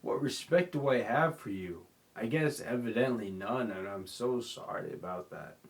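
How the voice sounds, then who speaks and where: A man's voice: mid-range voice, moderate pace. A young man hosting a rambling solo podcast, drunk and sleepy, slurring and apologizing as he talks. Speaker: podcast host.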